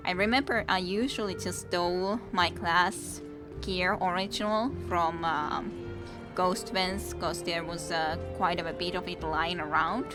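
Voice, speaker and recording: A young woman, chatting and giggling as she streams a game and talks to the enemies she fights. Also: lowish voice. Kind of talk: casual let's-play commentary. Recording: game music playing under the voice. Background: video game music.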